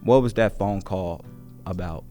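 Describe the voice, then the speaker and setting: Man, teacher host, deep voice, encouraging, casual slang, soft guitar behind. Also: a little slow. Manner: warm, encouraging, casual slang, many fillers. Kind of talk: earnest conversational interview.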